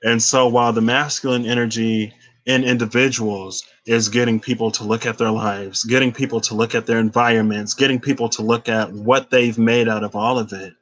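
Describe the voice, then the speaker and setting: A man's voice: mid-range voice, level tone, a little fast, fairly bright tone, low-quality recording. A man giving a spiritual tarot reading, emphatic and conversational, with casual slang. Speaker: tarot reader.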